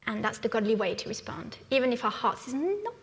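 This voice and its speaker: A woman's voice: on the high side, sing-song, a little fast. A woman from France, preaching a conversational sermon in a church and often asking "yeah?" as she goes. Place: church hall. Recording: long hall reverb.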